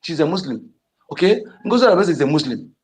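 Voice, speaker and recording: A man's voice: a little high, sing-song, fast, a little mellow. A man with a Nigerian Igbo accent speaking in an online discussion, emphatic and repetitive, with frequent restarts. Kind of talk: impassioned political talk.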